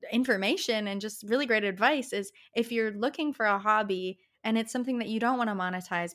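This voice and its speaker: A young Canadian woman with a Canadian accent, hosting a casual solo podcast, talking passionately and chattily with a pitch that rises at the ends of phrases. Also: a bit bright. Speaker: podcast host.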